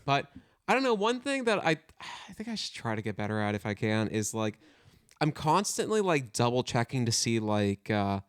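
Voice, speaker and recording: Young man rambling with lively pitch. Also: moderate pace, clean tone, no room sound, clean studio sound. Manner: rambling, full of "like" and self-corrections. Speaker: podcast co-host. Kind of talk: casual chat.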